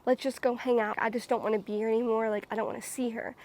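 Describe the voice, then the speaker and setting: A woman's voice: fairly high pitch, flat delivery, quick pace, a little mellow, lightly acted, poor audio. A woman quoting a shaky young charmer. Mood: anxious pleading. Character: anxious smooth-talking young man, a charmer.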